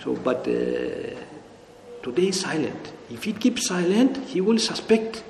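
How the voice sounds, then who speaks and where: A man slowly telling a folk tale in an echoey room. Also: a little high, sing-song, vocal fry, background noise. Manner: slow and explanatory, checks in with the listener. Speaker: storyteller. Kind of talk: oral retelling of a folk tale. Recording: echoey room with long reverb and faint ambience.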